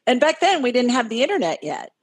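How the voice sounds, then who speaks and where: A middle-aged woman hosting an interview, asking questions and telling anecdotes in an animated way. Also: a little high, fast, breathy edge, no echo. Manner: animated storyteller, acts out quoted voices. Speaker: podcast host. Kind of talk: casual interview conversation.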